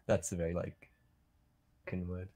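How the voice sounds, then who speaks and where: A man's voice: low voice, flat delivery, a little fast, dark tone. A man from near Leeds with a Northern English accent, chatting as a guest with dry, hesitant humor. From England, near Leeds. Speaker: guest on a livestream. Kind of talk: casual chat.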